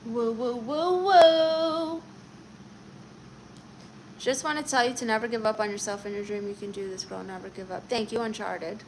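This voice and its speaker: A woman's voice: mid-range voice, fairly even intonation, quick pace, hardly any pauses, slight background noise, low-quality recording. A woman hosting a casual live stream, chatting and reading viewer comments aloud before answering them. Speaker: livestream host.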